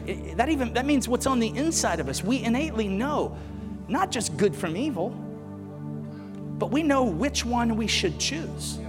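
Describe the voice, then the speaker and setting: Animated male preacher, high voice, joking storyteller, echoey church hall, faint music. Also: normal speed. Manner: animated, joking, asks the crowd questions. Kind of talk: sermon with humorous stories.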